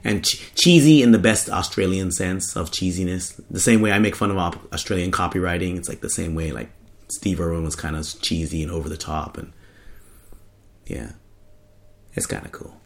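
Rambling, joking man with a low voice. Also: moderate pace. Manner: rambling, joking, trails off hunting for words. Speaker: podcast host. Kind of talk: casual chat.

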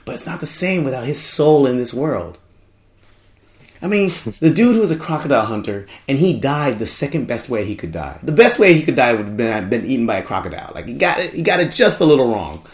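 A man's voice: medium pitch, sing-song, a little fast. A man hosting a podcast in casual chat, joking and rambling, often trailing off while he hunts for words. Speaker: podcast host.

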